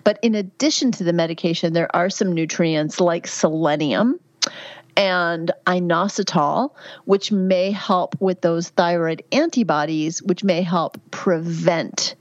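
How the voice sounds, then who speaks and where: Woman, fifties, lower-pitched voice, candid and chatty, dull dry recording. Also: measured pace, no echo. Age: 50s. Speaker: guest, midwife and health author. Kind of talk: conversational interview answers.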